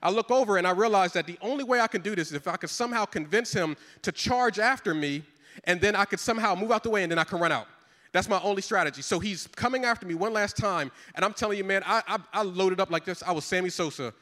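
A middle-aged pastor tells a comic story from the pulpit, animated and full of repetition. His voice sits high and bright. The sound rings out in a large hall with a long echo. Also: fast talker. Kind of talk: sermon storytelling.

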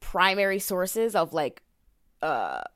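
A woman's voice: fairly low pitch, big pitch swings, takes it slowly, fairly bright tone, no echo, clean studio sound. A young woman co-hosting a podcast, telling a story in a casual, swearing, filler-heavy way and reading quotes aloud. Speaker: podcast co-host.

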